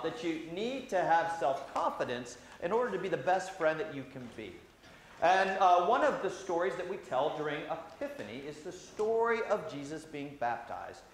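A man, a priest, giving a gentle, conversational children's sermon with many "uh" fillers in a church sanctuary. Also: high voice. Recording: very echoey church hall, faint hiss.

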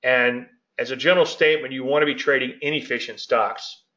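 A man's voice: mid-range voice, steady tone, fairly quick, pushed and bright. A middle-aged man hosting a casual trading commentary, gregarious and rambling, often breaking off mid-sentence. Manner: gregarious, rambling, self-interrupting. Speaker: market analyst and show host. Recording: dull lo-fi audio.

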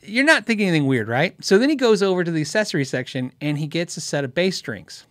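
A man from Tucson hosts a guitar Q&A and tells stories in a loose, chatty way. His fairly high voice rises and falls a lot as he acts out what people said, and he laughs often. The recording is dry and close. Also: big pitch swings, quick pace, dry recording. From Tucson, Arizona. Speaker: host of a guitar Q&A show. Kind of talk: casual storytelling.

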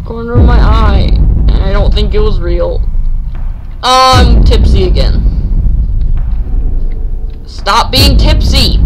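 A man's voice: high-pitched, noisy background. A man giving jumpy, nervous commentary while playing a horror game, yelping at scares and chattering to himself. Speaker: let's play gamer.

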